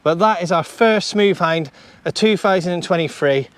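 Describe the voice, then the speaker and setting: A British man giving chatty running commentary to viewers while fishing on a beach, excitable and talkative. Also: high-pitched, normal speed. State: out of breath. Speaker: fishing vlogger and coach. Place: outdoors on a beach. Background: faint outdoor ambience.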